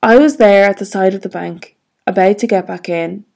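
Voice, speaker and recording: A woman's voice: mid-range voice, moderate pace, vocal fry, a little mellow. A woman vlogger telling a personal story in a frank, reflective way, swearing freely.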